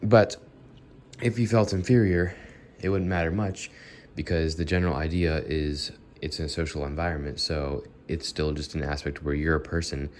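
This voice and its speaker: Sick with a cold, a young male vlogger rambles through an unscripted monologue addressed directly to viewers, fixing his own words along the way. His nasal voice is extremely low and darkish, steady in tone at normal speed, over slight background noise.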